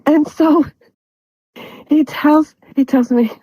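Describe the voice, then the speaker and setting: A woman's voice: high-pitched, steady tone, takes it slowly, dark tone, dry recording, poor audio. A woman hosting a show, telling a funny story in casual chat and laughing through her words. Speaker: show host. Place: studio.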